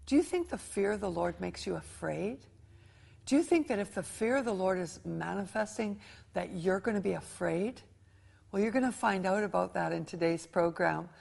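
A middle-aged woman hosts a Christian television talk show. Her voice is strongly gravelly with a lot of fry. She speaks in the middle of her range and puts earnest emphasis on her questions. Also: mid-range voice, animated, normal speed, darkish tone. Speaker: host.

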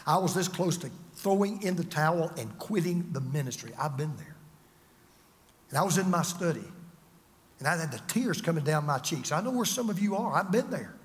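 An older male pastor preaching with a high, lively voice that leaps up and down. He swings from loud to hushed in a dramatic style, with a long reverb from a large hall. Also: moderate pace. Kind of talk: sermon.

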